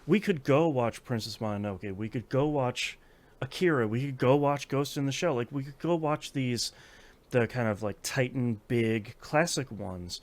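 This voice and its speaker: Guy in his 30s hosting a chatty podcast, middle pitch, lots of ums and restarts. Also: normal speed. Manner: rambling, many fillers and restarts. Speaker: podcast host. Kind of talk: casual chat.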